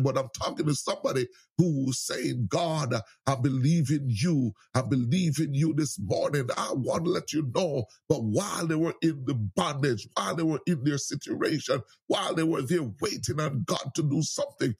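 A man's voice: a little high, a little mellow, breathy edge. A man preaching a sermon with fervent, repetitive exhortations and frequent cries of praise.

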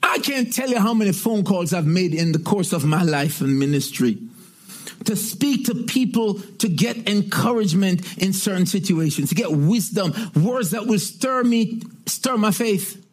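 High-voiced man preaching a fervent sermon. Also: animated, moderate pace. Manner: emphatic preaching with repeated refrains and shouted exclamations. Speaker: pastor.

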